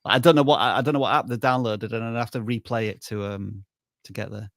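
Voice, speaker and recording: A man's voice: mid-range voice, fairly even intonation, quick pace, dry recording, clean studio sound. A man co-hosting a live-stream of channel reviews, chatting in an easygoing, wry way. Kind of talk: casual live-stream banter.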